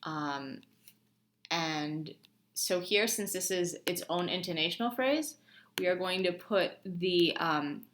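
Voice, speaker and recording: Young woman instructor, casual, lots of ums, fairly low voice, bit of background hiss. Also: slow, fairly bright tone. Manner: casual, thinking aloud, many ums and restarts. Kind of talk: screen-recorded lab tutorial.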